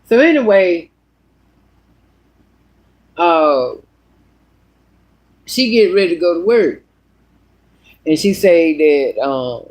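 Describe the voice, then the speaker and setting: A woman's voice: lowish voice, slow, pauses often. A woman telling a story in a casual vlog monologue, blunt and full of cussing. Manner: blunt, profane, animated. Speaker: vlogger.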